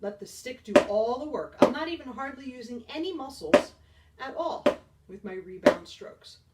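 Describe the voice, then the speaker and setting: Upbeat woman band teacher, high voice. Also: expressive, normal speed, distant mic, heavy background noise. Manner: upbeat, encouraging, counts beats aloud. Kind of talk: beginner percussion lesson.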